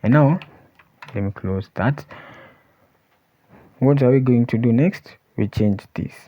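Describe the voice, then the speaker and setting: A man teaching a coding tutorial, thinking aloud as he types and often pausing to say "let's see". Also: mid-range voice, no echo. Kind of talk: screen-recorded coding walkthrough. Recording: dull lo-fi voice recording. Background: keyboard typing and clicks.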